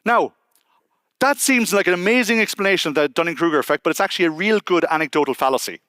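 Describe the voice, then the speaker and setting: Talking fast in a higher-than-average voice, a man from Ireland recounts a story from his own life at a conference. The dry recording catches his casual delivery and the animated asides where he quotes people.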